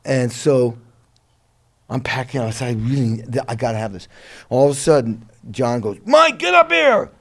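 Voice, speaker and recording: A middle-aged musician telling his career story in a relaxed interview, lively and a bit profane, laughing along. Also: medium pitch, normal speed. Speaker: guest musician.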